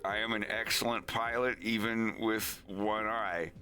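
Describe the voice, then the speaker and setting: A man's voice: fairly low pitch, steady tone, unhurried, bright, forceful tone, faint music behind, voice pushed up. A man voicing a nervous one-eyed male wolf pilot who stammers and pleads.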